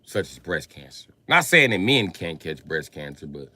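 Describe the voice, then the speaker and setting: A man talking alone on his livestream in a profane rant, swinging from low muttering to loud shouting. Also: big pitch swings, normal speed. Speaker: livestream host. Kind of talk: livestream monologue.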